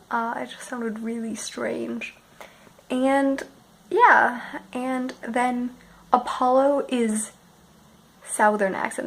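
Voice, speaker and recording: Young woman, from Canada, sleepy and unwell, gravelly fry, soft half-whispered musing, casual book vlog. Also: a little high, steady tone, a little slow, low-quality recording. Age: early 20s. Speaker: book vlogger.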